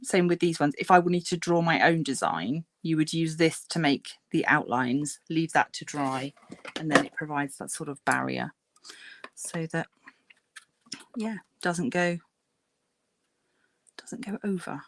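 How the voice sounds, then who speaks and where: Lowish-voiced woman chatting on a craft stream, lots of ums, mutters to herself, dry close sound. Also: lively intonation, a little slow, long pauses, no room sound. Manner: chatty, many fillers, murmurs to herself while working. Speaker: craft livestream host. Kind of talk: casual chat while silk painting.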